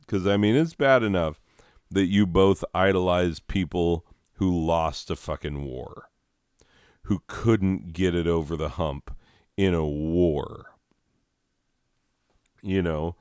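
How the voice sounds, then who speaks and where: Brief: male comic, deep voice, smooth and clear, sarcastic profane rant. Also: slow, long pauses, a little mellow, no room sound, clean studio sound. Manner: crude, sarcastic, heavy swearing. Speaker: comedian ranting.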